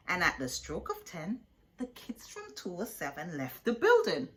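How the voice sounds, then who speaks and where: A woman reading a children's picture book aloud as a storyteller, in an expressive, deliberate way. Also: lowish voice.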